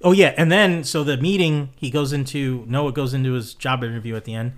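A man's voice: medium pitch, steady tone, brisk. A man hosting a casual podcast chat, laughing often and acting out movie scenes in put-on voices. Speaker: podcast host.

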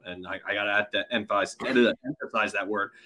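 On a casual hockey podcast, this male co-host and analyst shares opinionated views, stumbling over words now and then. He speaks fairly quickly in a fairly low, steady voice that's bright and forceful.

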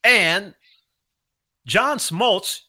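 A man hosting a podcast interview, telling a story in an animated way and asking leading questions. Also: high-pitched, very slow. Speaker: podcast host.

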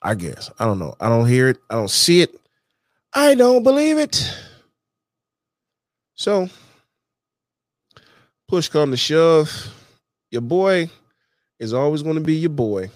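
A man's voice: mid-range voice, very animated, measured pace, long pauses, no room sound. Guy vlogging, slangy casual talk, keeps saying you know what im saying, dry close sound. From Detroit, USA. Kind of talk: casual monologue to camera.

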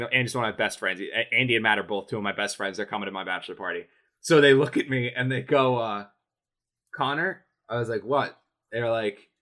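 A man's voice: medium pitch, pushed and bright. A young man telling a rambling story in casual podcast chat as a sports reporter, full of fillers and restarts. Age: young adult.

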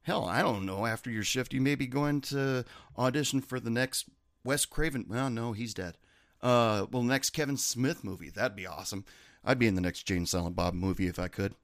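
A man's voice: mid-range voice, normal speed, no echo, clean studio sound. A man who has worked as a bartender, talking in a rambling, chatty way and correcting himself as he goes. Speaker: former bartender telling stories. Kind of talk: casual monologue.

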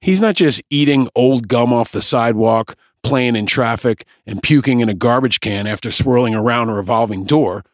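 A man's voice: mid-range voice, moderate pace, few pauses, dry recording, studio quality. A man hosting a podcast, delivering scripted, sarcastic and pointed political commentary. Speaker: podcast host.

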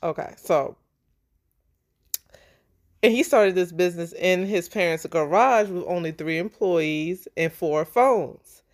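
A woman's voice: lowish voice, slow, long pauses. A woman co-hosting a true-crime podcast, telling the story in a casual, chatty way. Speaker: podcast co-host.

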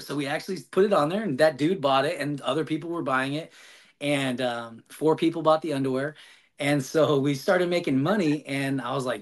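Man, podcast guest, slightly higher voice, animated, rambling storytelling, lots of "like" and "um". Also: moderate pace. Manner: animated, rambling, frequent fillers and restarts. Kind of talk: casual storytelling interview.

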